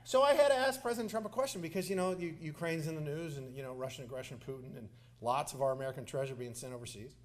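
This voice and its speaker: A Texan-accented man delivering a campaign speech at a live forum, with a slightly high voice for a man. He is passionate and folksy, and his anecdotes often turn into jokes. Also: fast talker, hardly any pauses. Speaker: politician speaking at a candidate forum. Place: civic center hall, live event.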